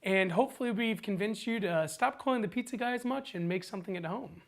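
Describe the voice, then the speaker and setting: A woman's voice: mid-range voice, quick pace. Chatty woman hosting a cooking show. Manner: upbeat, walks through steps chattily. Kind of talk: casual cooking demonstration.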